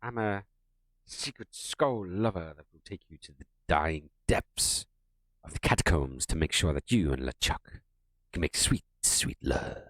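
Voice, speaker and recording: A man with a breathy, crooning delivery putting on the voice of a creepy, seductive male talking skull. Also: deep voice, animated, measured pace, fairly bright tone, dry recording, pitched below the performer's own voice. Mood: sleazy, seductive.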